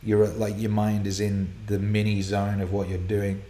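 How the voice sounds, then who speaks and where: A man hosting a live viewer Q&A broadcast from a home studio, excitable and profane, laughing and rambling as he reads out questions. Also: on the low side, normal speed, reverberant. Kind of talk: casual live-stream chat, reading viewer questions.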